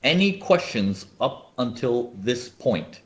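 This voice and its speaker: A man's voice: mid-range voice, takes it slowly, dull audio. A man running a live webinar on trading, explaining charts and often checking whether viewers follow. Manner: animated, asks viewers often. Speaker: trading educator.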